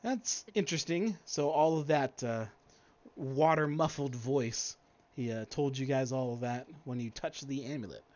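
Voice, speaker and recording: A man's voice: mid-range voice, a little slow, darkish tone, muffled recording, voice pushed up, natural voice. Man voicing a friendly rival adventurer woman. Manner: chatty and generous.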